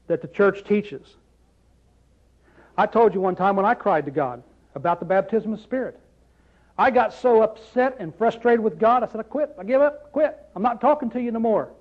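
A man's voice: sits high, lo-fi sound. A man preaching a sermon in a conversational way, often asking the congregation rhetorical questions.

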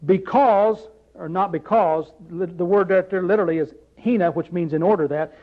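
A man's voice: high voice, normal speed, muffled recording. A man preaching a sermon in a conversational way, often asking the congregation rhetorical questions.

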